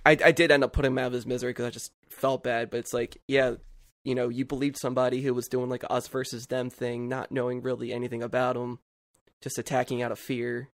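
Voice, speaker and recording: A man co-hosts a casual podcast and talks in a gravelly voice of middle pitch. He rambles through a story, leaning hard on "like" as he goes. The sound is dry and close, with no room around it. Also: flat delivery, fast talker, dry recording. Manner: rambling storytelling full of "like" fillers. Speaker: podcast co-host.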